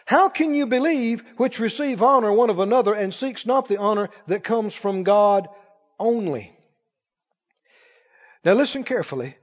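A man's voice: sits high, in a large hall, muffled recording. A man preaching a sermon, quoting scripture with emphasis and putting questions to the congregation.

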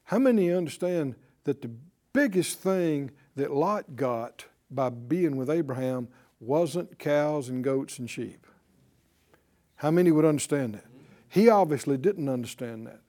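High-voiced preacher. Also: male voice, lively intonation, warm tone. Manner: call-and-response preaching, drawn-out emphatic phrases. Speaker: pastor. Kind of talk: sermon to a live congregation.

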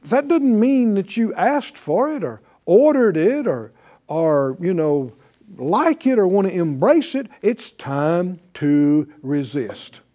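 A man preaching to a class, animated, asking them questions and acting out quotes. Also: high-pitched, slow pace. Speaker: bible teacher.

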